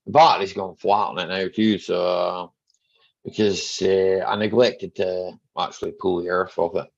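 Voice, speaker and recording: Man, gravelly low voice, rambling chat, dull lo-fi stream audio. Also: level tone, unhurried. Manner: rambling, joking, chatty with viewers by name. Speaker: mechanic hosting a live chat stream. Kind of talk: casual livestream chat reading viewer comments.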